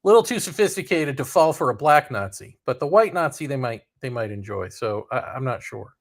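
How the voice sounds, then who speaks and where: A man's voice: mid-range voice, lively intonation, fairly quick. A man co-hosting a live podcast, making sardonic, rambling asides about the election. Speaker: podcast co-host. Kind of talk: casual live election chat.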